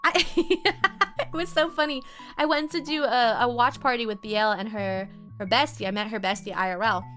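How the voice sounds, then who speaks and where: A woman's voice: a little high, steady tone, normal speed, a bit bright, soft background music. A young woman chatting casually on a live stream, giggling often and answering her viewers' messages. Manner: reads and answers chat messages.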